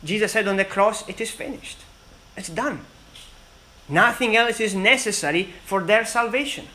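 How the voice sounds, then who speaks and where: A man preaching a sermon in an earnest, emphatic way, with dramatic pauses between phrases. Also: high-pitched, bright, forceful tone, poor audio.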